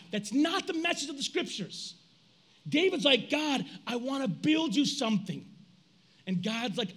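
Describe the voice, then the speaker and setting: A man in his forties preaching a sermon in a casual, animated way, reading scripture and breaking into loud outbursts. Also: high-pitched. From United States. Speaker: pastor.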